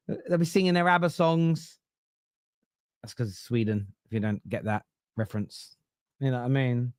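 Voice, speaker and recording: A man's voice: medium pitch, lively intonation, quick pace, dry recording, studio quality. A man hosting a football podcast, ranting casually with swearing, digressions and mocking asides. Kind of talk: casual opinionated rant.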